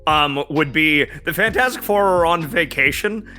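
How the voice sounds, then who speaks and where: A male podcast guest with a bright, forward voice, speaking in casual, earnest conversation. He talks with enthusiasm, and faint music sits beneath him. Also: a little high, normal speed. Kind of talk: casual chat.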